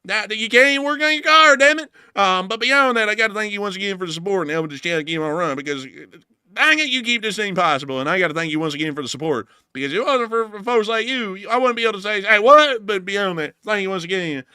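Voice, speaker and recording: A man voicing a loud, folksy male redneck mechanic with an exaggerated Southern drawl, laughing along with his own jokes on a livestream show. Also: high voice, expressive, fast talker, clean tone, no room sound, clean studio sound, pitched above the performer's own voice, full character voice. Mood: hollering folksy. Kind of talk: comic bit on a livestream show.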